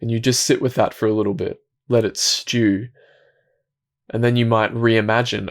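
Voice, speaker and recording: A man with a fairly low voice talks to camera about inner work in a calm, unhurried way. His delivery is gentle and thoughtful, and his sentences often trail off and restart. Now and then he sinks into soft, quiet asides. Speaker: self-help video host. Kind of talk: reflective talk to camera.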